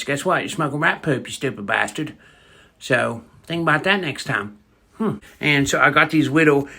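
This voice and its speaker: Crude rambling man telling a prank story. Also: fairly high pitch. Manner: crude, rambling, deadpan delivery. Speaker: comedic storyteller. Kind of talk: comedic monologue storytelling.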